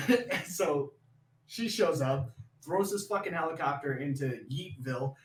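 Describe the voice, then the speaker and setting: A man co-hosting a casual movie chat, laughing often and acting out scenes with loud, swearing quotes. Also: a little high, unhurried, echoey room, low-quality recording. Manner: animated, laughing, acts out scenes with shouted quotes. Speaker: podcast co-host.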